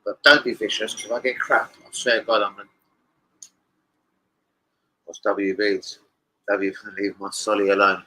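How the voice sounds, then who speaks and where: An excitable man chatting loosely to camera about his bets, swearing freely and jumping between thoughts. His voice is bright and forward, and he rambles on at a loose, casual pace. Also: lowish voice, normal speed, long pauses, a little hiss or hum, rough recording. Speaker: football betting vlogger.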